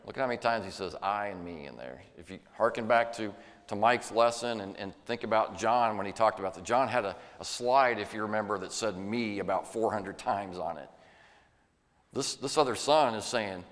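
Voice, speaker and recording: A man's voice: lowish voice, a little fast. A man preaching a sermon in an earnest, folksy way, sometimes acting out the voices he quotes. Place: church sanctuary. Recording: long church reverb.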